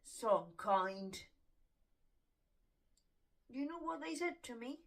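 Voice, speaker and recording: A woman slowly telling an emotional personal story, her voice tearful as she holds back crying. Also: a little high, lively intonation, fairly bright tone, distant mic, poor audio. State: close to tears. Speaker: tarot reader.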